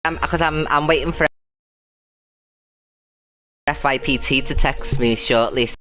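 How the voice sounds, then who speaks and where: On a live stream, a woman with an extremely low, fairly bright voice chats at an unhurried pace, greeting her viewers by name and thanking them. She's chatty and calls them loves and babes, then turns defiant when talking about an abuser.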